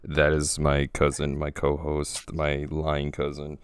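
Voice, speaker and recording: A man hosting a casual podcast, teasing his co-host and guests and jumping up in pitch for emphasis. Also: completely flat delivery, slow, clear, resonant tone, dry recording. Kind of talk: casual chat.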